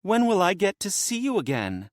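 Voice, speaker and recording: A man's voice: sits high, wildly swooping pitch, moderate pace, no echo, studio quality, pitched above the performer's own voice. A man voicing a commanding necromancer woman. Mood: anxious. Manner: demanding, curt. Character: bold scheming female necromancer, commanding.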